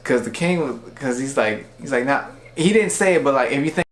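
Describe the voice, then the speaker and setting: A man's voice: medium pitch, animated, normal speed. A man casually recapping and reviewing an anime episode, rambling with lots of "like" and "you know". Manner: rambling, filler-heavy with frequent "like". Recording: echoey room.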